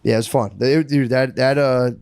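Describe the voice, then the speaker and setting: A man in his thirties co-hosting a podcast, telling stories with lots of swearing and quick put-on quotes. His voice sits in an ordinary middle register. It is recorded dry and close, with no room sound. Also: mid-range voice, smooth, no room sound. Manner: animated, profane storytelling with put-on quotes. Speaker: podcast co-host. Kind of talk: casual chat.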